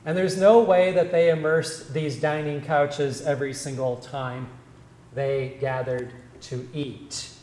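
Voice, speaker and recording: A male Lutheran pastor preaching a sermon, explaining scripture in a measured, deliberate teaching manner. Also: fairly high pitch, little pitch movement, a little mellow, roomy sound, low-quality recording.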